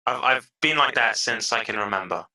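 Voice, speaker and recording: Bright-voiced energetic British man. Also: lowish voice, fairly quick, rough recording. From England (London). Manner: energetic, animated storytelling. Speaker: podcast guest. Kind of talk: casual interview chat.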